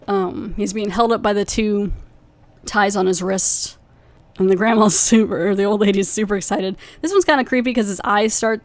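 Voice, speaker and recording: A woman's voice: mid-range voice, a little mellow, no room sound. A young adult woman hosting a podcast, casually recapping a TV episode in a rambling way with lots of fillers. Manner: rambling, with many fillers and quick acted quotes. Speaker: podcast host reviewing a TV episode.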